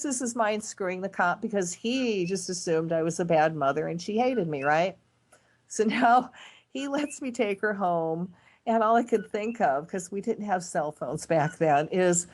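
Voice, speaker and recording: Animated middle-aged woman telling a story. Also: medium pitch, unhurried. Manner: animated, dramatic swings in voice when retelling events. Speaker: guest. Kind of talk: casual storytelling.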